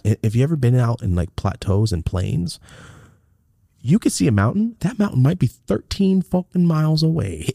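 A man's voice: mid-range voice, creaky, warm tone, no echo, clean studio sound. A man casually telling a rambling, profane road-trip story as a podcast host.

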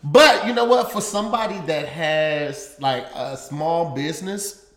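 A man co-hosting a casual podcast chat, relaxed and questioning. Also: fairly high pitch, unhurried, echoey room. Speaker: podcast co-host.

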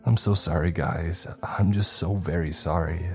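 A grief-stricken schoolteacher, played by a man in a spoken story, his words halting and subdued. The voice sits very deep, with soft music under it. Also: steady tone. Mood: grieving. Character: shaken, grieving male English teacher.

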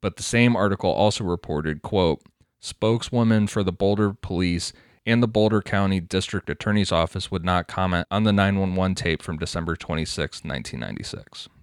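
A man co-hosting a casual true-crime podcast, reading quoted reports aloud in a measured, steady way. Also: deep voice, smooth, no room sound, clean studio sound. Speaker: podcast co-host.

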